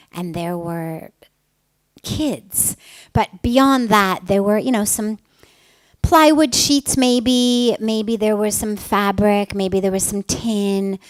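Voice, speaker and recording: A middle-aged woman, a spiritual teacher, telling a personal story in an earnest, emphatic way that often softens to a breathy hush. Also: medium pitch, no room sound.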